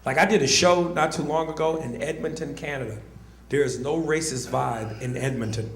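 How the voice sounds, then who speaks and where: Male stand-up comic, high voice, shouting delivery, roomy club sound. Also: moderate pace. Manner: loud, animated, often shouting. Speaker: stand-up comedian. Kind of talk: stand-up comedy. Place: comedy club stage. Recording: echoey club with crowd noise.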